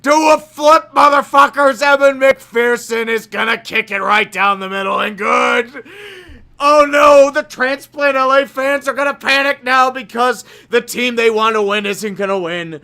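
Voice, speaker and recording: Excitable high-voiced man commentating football. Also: a little slow. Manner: excitable, profane, shouts on big plays. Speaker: livestream commentator. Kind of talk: amateur play-by-play commentary.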